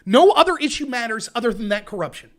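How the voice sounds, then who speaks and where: A man hosting a political commentary livestream, ranting in an animated, sarcastic way. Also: very high voice, fast. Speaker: host.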